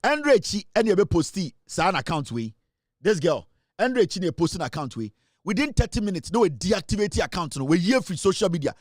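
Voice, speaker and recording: A man with a Ghanaian accent delivers a scornful, angry rant, sliding between English and Twi. His voice sits fairly high and sounds dry and close, with no room around it. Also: very animated, a little fast, dry recording. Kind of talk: angry social media rant.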